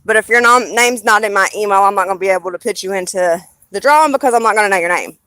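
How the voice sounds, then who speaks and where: A woman's voice: mid-range voice, fast talker, pushed and bright, no echo. A woman with a Southern US accent chatting casually on a live stream, rambling and blunt, swearing freely.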